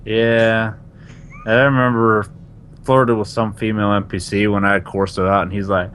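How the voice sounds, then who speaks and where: A co-host of a casual gaming podcast, joking and teasing with quick laughs. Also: mid-range voice, level tone, fairly bright tone, a little hiss or hum.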